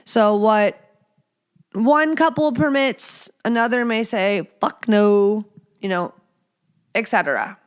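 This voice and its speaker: A woman in her thirties hosting a casual solo podcast, talking bluntly and profanely, and acting out quotes with lively storytelling. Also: a little high, slow pace, long pauses, clean tone. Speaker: podcast host.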